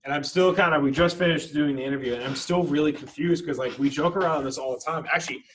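A man's voice: on the high side, fast talker, slight background noise, low-quality recording. A man co-hosting a podcast as a teacher, talking in a rambling casual way with many "like" fillers. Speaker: podcast co-host. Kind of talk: casual chat.

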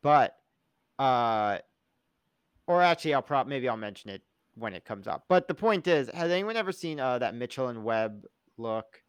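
A man co-hosting a casual podcast, rambling and joking, often slipping into loud comic impressions. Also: mid-range voice, animated, normal speed, clear, resonant tone, dry recording. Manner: rambling, jokey, slips into loud comic voices. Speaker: podcast co-host. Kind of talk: casual chat reviewing a TV show.

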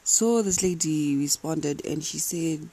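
Husky low-voiced woman ranting. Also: slow pace, low-quality recording. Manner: animated, emphatic, swears freely. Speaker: podcast host. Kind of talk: casual rant.

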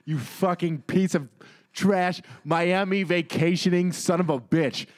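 A man with a slightly high voice, ranting on a podcast. He sounds indignant and swears freely as he tells the story to his co-host in a home studio. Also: unhurried. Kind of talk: casual podcast chat.

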